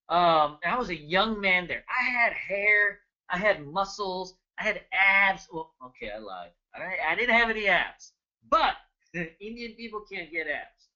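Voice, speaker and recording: A man in his thirties with a high, piercing, bright voice hosts a live trading webinar, full of jokes and quick greetings to viewers. The sound is dull and lo-fi, like a computer mic. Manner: energetic, joking, chatty, greets viewers by name. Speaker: trading educator hosting a webinar. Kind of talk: casual live webinar talk.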